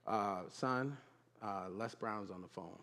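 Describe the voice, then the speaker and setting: A man voicing a mother who speaks quietly and haltingly. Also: fairly low pitch, pitched below the performer's own voice. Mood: gentle. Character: soft-spoken hesitant mother.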